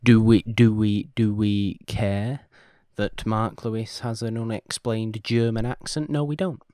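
A man's voice: fairly low pitch, steady tone, a little slow, dark tone, smooth, no echo, studio quality. A man co-hosting a film podcast, chatting casually in a wry, playful way. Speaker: podcast co-host.

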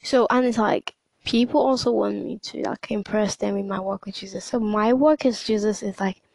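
A woman's voice: medium pitch, steady tone, moderate pace, gravelly, a little mellow, dry recording, rough recording. A young woman talking casually in a hesitant monologue, full of fillers and restarts. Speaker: podcast host.

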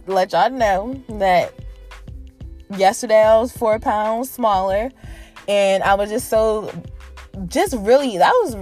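Woman, podcast host, brash, animated, faint music underneath. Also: medium pitch. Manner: brash, profane and animated, talking straight to listeners. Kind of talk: casual solo podcast chat.

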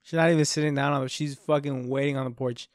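A man's voice: medium pitch, steady tone, fast, no echo, clean studio sound. Profane, rambling young man. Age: 20s. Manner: rambling and profane, with frequent "bro" and "dude". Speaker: podcast host. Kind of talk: casual storytelling.

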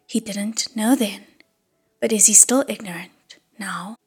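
A man's voice: high voice, slow, slightly rough, soft background music, exaggerated voice. A woman reading aloud and voicing a cold, contemptuous young man in whispered role-play. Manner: cold, cutting.

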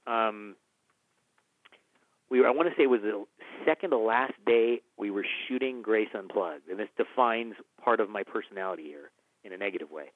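A man, a film director who is a guest on the show, telling stories in conversation, animated and acting out the people he quotes, with many restarts. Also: on the low side, moderate pace, dry recording. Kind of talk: conversational storytelling. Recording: dry, phone-like narrow band.

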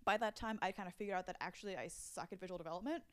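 A woman's voice: fairly low pitch, very fast. A young adult woman, a storyboard artist, chatting casually in an interview, with many fillers and frequent laughs.

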